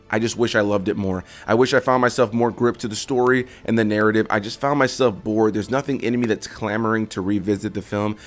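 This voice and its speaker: Male film reviewer, mid-range voice, brisk delivery, earnest and candid, casual vlog talk. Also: mid-range voice. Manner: earnest, candid, repeats phrases for emphasis. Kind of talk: casual spoken movie review.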